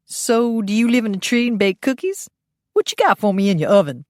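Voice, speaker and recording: A woman's voice: mid-range voice, sing-song, a little fast, darkish tone, no room sound, studio quality, voice pushed up, lightly acted. A woman putting on a brash, teasing male vampire.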